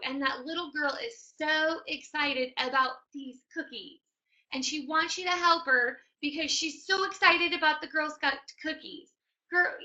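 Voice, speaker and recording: A woman's voice: sits high, pushed and bright. A woman co-hosting a business training talk, stressing her points and repeating them for emphasis. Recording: dull lo-fi sound.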